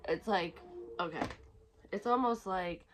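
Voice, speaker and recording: A woman with a lowish voice gives her viewers a casual intuitive reading to camera, speaking a little slowly over a rough recording with some hiss or hum. She rambles candidly, swears freely, and at times sounds close to tears.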